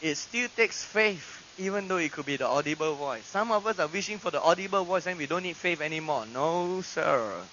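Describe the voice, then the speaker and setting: A male pastor preaching a sermon in a church, swinging dramatically between loud proclamations and hushed asides. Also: a little high, fairly quick, hardly any pauses. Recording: dull lo-fi archive recording with hiss.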